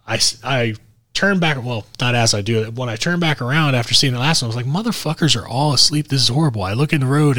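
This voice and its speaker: A man spinning a profane road story on a podcast, animated and loose, slipping into the voices of the people in it. His voice sits at a middle pitch and sounds close and dry, with no room around it. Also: dry recording. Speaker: podcast co-host and wrestler.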